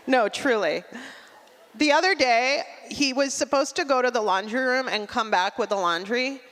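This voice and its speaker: A middle-aged woman doing a stand-up comedy set, with a dry, deadpan delivery and quick asides. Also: a little high. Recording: long hall reverb.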